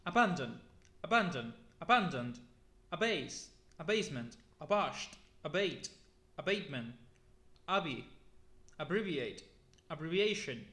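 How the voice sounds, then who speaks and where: A man reading a long list of words aloud one by one, slow and deliberate, as a YouTuber. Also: fairly high pitch, very animated, pushed and bright, roomy sound.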